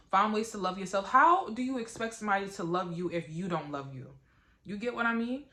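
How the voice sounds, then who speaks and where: A woman, chatting to camera in a blunt, profane, animated way and often asking "you get what I'm saying?". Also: medium pitch. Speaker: vlogger. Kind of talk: casual chat to camera.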